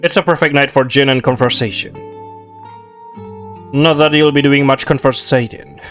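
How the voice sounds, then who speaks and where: An imposing male devil hunched over his drink, as a man puts him on, talking in a low, gravelly drawl. He is rude and mocking. Soft guitar music plays faintly behind him. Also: steady tone, moderate pace, close to an everyday voice.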